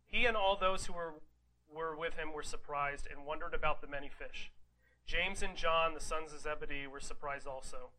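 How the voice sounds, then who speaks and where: A man preaching a sermon in a raised, bright voice with a sharp, forceful edge. He reads scripture aloud and then unpacks it casually. He keeps turning to his listeners with rhetorical questions and quick "right?" asides. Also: on the high side, poor audio. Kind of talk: conversational sermon.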